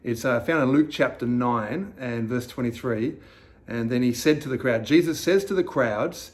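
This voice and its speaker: A man giving a slow, reflective devotional sermon as a pastor, reading scripture aloud and asking the listener questions. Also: mid-range voice.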